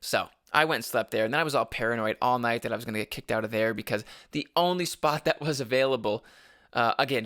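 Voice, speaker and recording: A man hosting his own podcast and telling a road-trip story in a loose, rambling way, full of restarts and casual swearing. His voice is bright and forceful, with an average pitch. The recording is dry, with no room sound. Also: fairly quick, no echo. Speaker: podcast host.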